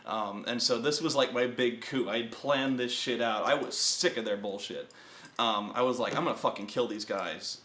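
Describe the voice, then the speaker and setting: Dude host rambling thru a tabletop war story, cussing, roomy echo, regular pitch. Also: male voice, normal speed. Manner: profane, animated, acts out players and himself in shouted bursts. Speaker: web show host telling a tabletop gaming story. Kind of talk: casual storytelling rant.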